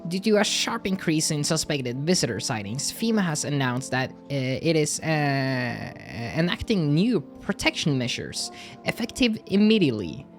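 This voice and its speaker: A woman's voice: low-pitched, big pitch swings, normal speed, soft background music. A woman voicing a news anchor in a game, reading a formal emergency bulletin with hesitant fillers. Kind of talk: scripted news broadcast in a game.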